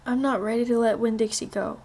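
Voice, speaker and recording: A woman voicing a stubborn, grieving girl of about ten in a read-aloud storybook, pitched high and pleading. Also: fairly even intonation, fairly quick, warm tone.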